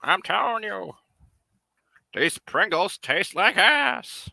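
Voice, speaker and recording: A shrill squawking bird. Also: male voice, big pitch swings, takes it slowly, gravelly, bright, forceful tone, dry recording, heavily acted. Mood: insistent. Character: loud squawking cranky bird.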